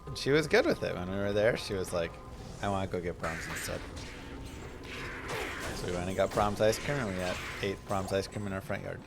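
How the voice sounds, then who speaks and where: A man's voice: low voice, animated, fast, gravelly, hardly any pauses, music in the background. A man chatting casually on a live stream while playing a game, telling stories and reading chat between play. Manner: chatty, anecdotal, reads chat aloud.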